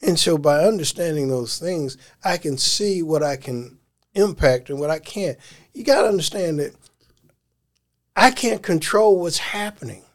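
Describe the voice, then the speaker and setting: A man, a life coach, telling stories in a casual interview; he is animated, laughs often and uses slang. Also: a little high, measured pace.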